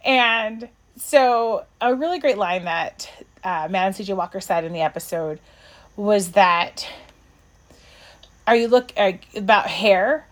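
A woman co-hosting a podcast in loose, casual conversation, her voice sitting at an ordinary middle pitch. She talks in an animated, rambling way, full of fillers and restarts, and jumps up high when she gets excited. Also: unhurried. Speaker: podcast co-host. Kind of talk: casual chat reviewing an episode.

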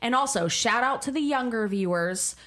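A woman's voice: on the high side, expressive, moderate pace, a bit bright. A woman co-hosting a casual podcast, telling stories in a chatty way and swearing freely. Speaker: podcast co-host. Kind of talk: casual chat.

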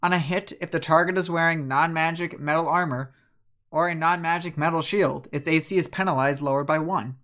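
A man running a tabletop game as game master, relaxed, laughing easily and reading item rules aloud over a voice call. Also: on the high side, a little fast.

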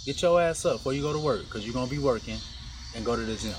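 A man's voice: medium pitch, lively intonation, rapid-fire, far from the mic, a loud crowd. A man on a casual podcast, joking in a laid-back way. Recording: noisy room, off the mic.

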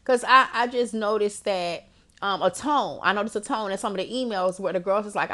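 A young woman hosting a podcast and coaching listeners in a casual, animated, slangy monologue with frequent laughter. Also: mid-range voice, a little fast. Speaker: podcast host and life coach.

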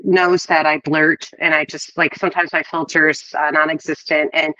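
A woman from Ohio joins a podcast as a guest, candid and quick to laugh. Her voice sits a little low. It comes through dull, lo-fi call audio. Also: flat delivery, pushed and bright. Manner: giggly and candid. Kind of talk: casual podcast chat.

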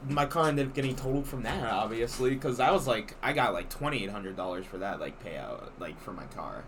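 A young man co-hosting a podcast, telling a story in casual, animated chat and swearing a lot. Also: mid-range voice, fairly quick, slight background noise. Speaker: podcast co-host.

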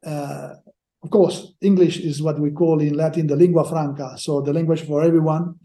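Here a sports lawyer guest gives podcast interview answers with little pitch movement, his high, dark-toned voice halting and repeating words as he looks for phrasing. The sound is roomy, with noticeable echo.

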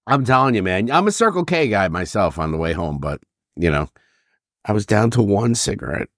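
A man in his fifties tells rambling, profane stories in casual podcast chat and slips into quick impressions of the people he quotes. His voice sits on the low side but swings widely in pitch. The sound is dry and close, with no room echo. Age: 50s. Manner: profane, animated storyteller acting out quoted voices. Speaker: podcast co-host.

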